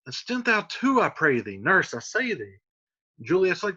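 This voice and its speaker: Male teacher, bright lively delivery, reads old verse then retells it in slang; dull lo-fi audio. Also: high voice, moderate pace, husky. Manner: switches between old verse and casual modern slang. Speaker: teacher explaining a play. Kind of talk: reading lines aloud and paraphrasing them. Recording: dull lo-fi sound.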